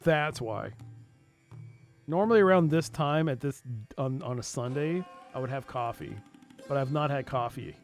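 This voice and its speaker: A man's voice: mid-range voice, normal speed, soft background music. A tired man streaming a retro game, chatting casually and yawning often between comments. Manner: drowsy, yawning, chatty asides. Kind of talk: casual let's play commentary.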